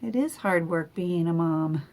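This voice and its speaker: Teacher lady reading a storybook to kids, asks them questions, takes it slow. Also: lowish voice, a little hiss or hum. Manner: gentle, asks the children questions. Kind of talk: picture book read-aloud.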